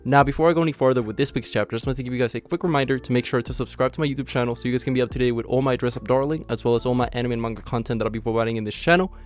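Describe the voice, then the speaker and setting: A man with a hoarse, raspy voice from being sick, hosting a casual, upbeat manga chapter review and peppering his talk with "you know.". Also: medium pitch, rapid-fire, few pauses, soft background music. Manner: upbeat and chatty, full of "you know" fillers and laughs. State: hoarse from illness. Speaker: anime channel host.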